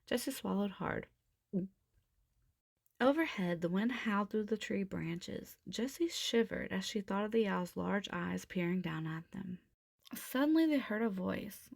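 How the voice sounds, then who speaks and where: A woman narrates a children's storybook aloud, steady and expressive. Her voice carries a gravelly edge and sits in the middle of the range. The sound is close and dry. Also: fairly low pitch, normal speed, no echo. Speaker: storybook reader.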